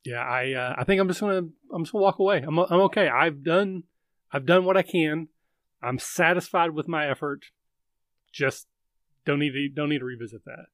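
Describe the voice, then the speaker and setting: A man hosting a live chat show, his voice sitting a bit higher than most men's. He rambles and thinks aloud, circling his point with many fillers. The sound is close and dry, with no room around it. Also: moderate pace, fairly bright tone, dry recording. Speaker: livestream host. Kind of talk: casual chat.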